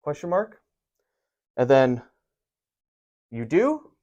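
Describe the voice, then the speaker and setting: A man giving a casual writing lesson, energetic and profane, with rambling asides, sometimes loud and sometimes muttering under his breath. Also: medium pitch, drawn-out words, muffled recording. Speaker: writing teacher. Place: home room writing on a board.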